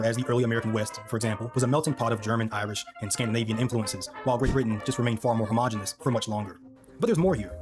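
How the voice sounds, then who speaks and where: A man reads a scripted history narration at a very fast clip, throwing in wry asides to the viewer. Clear background music plays under his voice the whole time. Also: mid-range voice.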